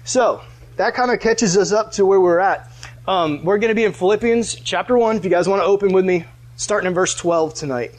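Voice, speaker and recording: A man preaching a casual storytelling sermon, chatty and animated, full of "like" fillers. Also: high voice, a little fast. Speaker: pastor.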